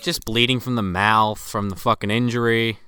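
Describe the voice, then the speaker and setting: A man's voice: on the low side, fairly even intonation, moderate pace, sharp tone. A man co-hosting a podcast, making sarcastic and crude jokes about a movie. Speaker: podcast co-host. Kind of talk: casual movie recap chat.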